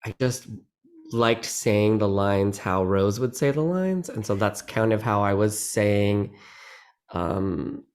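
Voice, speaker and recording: A man, a guest actor in a casual interview, who talks in an animated, rambling way with many restarts and laughs. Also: on the low side, slow pace. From United States.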